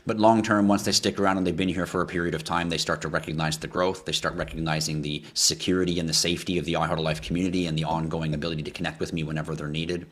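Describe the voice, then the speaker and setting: A man hosting a livestream, answering chat questions in a ranting style with swearing and sudden bursts of yelling. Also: sits low.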